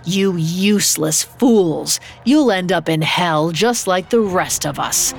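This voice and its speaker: A woman voicing a mocking male demon spirit that possesses a girl, with a slow, taunting delivery. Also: on the low side, animated, vocal fry, slight background noise, full character voice. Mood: scornful.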